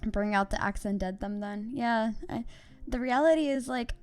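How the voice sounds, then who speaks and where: A woman's voice: fairly high pitch, moderate pace, clear, resonant tone, soft background music. A woman co-hosting a casual gaming podcast, chatting and laughing often. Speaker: podcast co-host.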